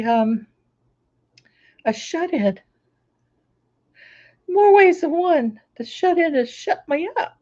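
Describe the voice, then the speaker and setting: A woman with a hoarse, recovering voice, chatting casually on a livestream and greeting her viewers by name. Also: very high-pitched, a little mellow, dull audio. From Florida. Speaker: crafting channel host. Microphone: laptop microphone.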